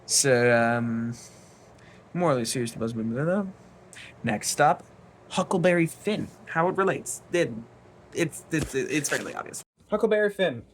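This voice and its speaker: A man's voice: fairly high pitch, expressive, unhurried, a bit bright, slight background noise. A young man hosting his own channel, talking casually at home in a rambling, hesitant way with many fillers and restarts. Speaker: channel host. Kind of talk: casual vlog commentary.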